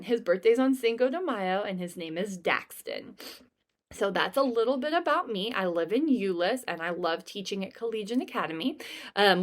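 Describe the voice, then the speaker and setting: Upbeat chatty teacher woman. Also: mid-range voice. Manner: upbeat, chatty, with frequent ums. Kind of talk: first-day classroom talk.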